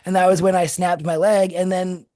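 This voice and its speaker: A man guesting on a podcast, telling stories in an energetic, animated way and laughing often. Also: sits high, moderate pace. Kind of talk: casual storytelling chat.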